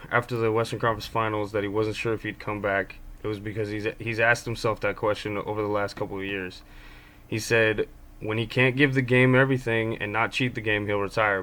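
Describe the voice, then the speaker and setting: A man's voice: on the low side, a bit bright. A man giving casual basketball commentary as a fan of his team, rambling with many ums and restarts. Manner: fan talking about his own team.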